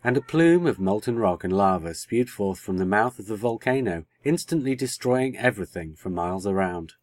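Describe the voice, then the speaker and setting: A man with a fairly low voice narrates a story at an even, measured pace. The recording is close and dry, with no room sound. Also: dry recording. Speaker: podcast short-story reader. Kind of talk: scripted narration.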